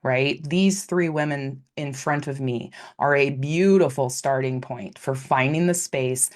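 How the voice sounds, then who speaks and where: A woman hosting a live panel discussion, wrapping up with animated, emphatic remarks. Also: very deep voice, unhurried. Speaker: host.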